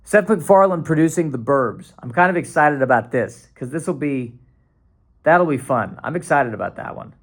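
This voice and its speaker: Gravelly sarcastic man rambling on a podcast. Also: a little high, expressive, normal speed. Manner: sarcastic, rambling, with frequent restarts and sudden mock panic. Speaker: podcast host. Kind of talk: casual solo podcast rambling.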